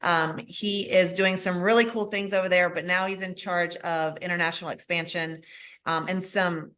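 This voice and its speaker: A woman's voice: fairly low pitch, fairly even intonation, moderate pace, fairly bright tone. A woman hosting a live video call, talking in an enthusiastic, effusive way. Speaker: host.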